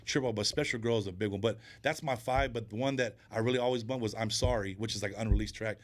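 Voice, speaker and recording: A man guesting on a podcast, chatting casually and telling animated stories, acting out other people's lines. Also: lowish voice, quick pace. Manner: animated storyteller who acts out quoted voices. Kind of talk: casual interview chat.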